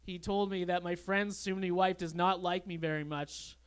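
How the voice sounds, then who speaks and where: A young man doing a stand-up comedy set on a club stage, with a deadpan, awkward storytelling manner. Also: high voice, moderate pace, clear, resonant tone. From Canada.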